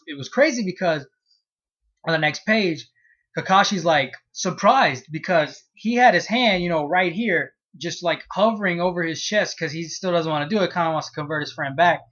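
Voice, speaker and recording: A manga reviewer with a voice on the high side, recorded with the highs cut off, talks casually through a comic chapter. He retells it in an animated, profane way, cursing freely and acting out his reactions.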